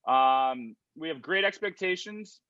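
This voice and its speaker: A man co-hosting a casual chat, briskly reading out the choices and running the segments. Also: on the high side, animated, dry recording. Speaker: co-host reading out track lists. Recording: dull lo-fi dry sound.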